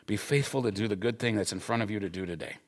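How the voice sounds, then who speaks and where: A man's voice: lowish voice, quick pace. A man in his forties teaching at a Bible school, talking in an earnest, emphatic, conversational way and telling personal stories. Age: 40s.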